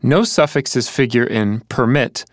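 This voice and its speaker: A man's voice: mid-range voice, unhurried, dry recording, studio quality. A man in a scripted teaching dialogue who answers questions and explains examples in turn. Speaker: co-presenter.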